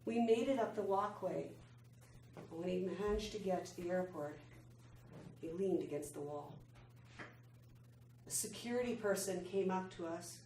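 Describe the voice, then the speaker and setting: A middle-aged woman giving a prepared personal speech, telling her story in a slow, measured way with pauses. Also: mid-range voice, animated. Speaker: club speaker. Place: meeting room. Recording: echoey room, faint background noise.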